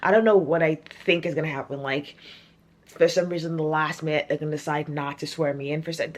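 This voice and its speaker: A young woman chatting casually to camera in a vlog, animated and laughing often. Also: deep voice, brisk. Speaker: vlogger.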